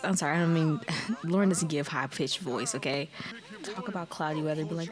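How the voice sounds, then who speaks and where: A woman's voice: low voice, normal speed, pauses often. A young woman giving casual, chatty commentary over a life-sim game, often laughing and apologizing, sometimes slipping into voices for her characters. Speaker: let's play host.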